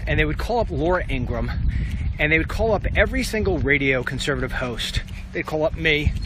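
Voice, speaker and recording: A middle-aged man, a conservative radio host, rambles through an animated walk-and-talk vlog, telling stories and ranting. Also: fairly high pitch, noisy background. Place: outdoors, walking.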